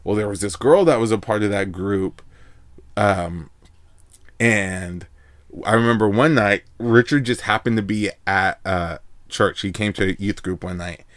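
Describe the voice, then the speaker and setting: A man's voice: lowish voice, a little slow, no echo. A man telling a long personal story in casual chat, rambling and laid-back, full of filler words.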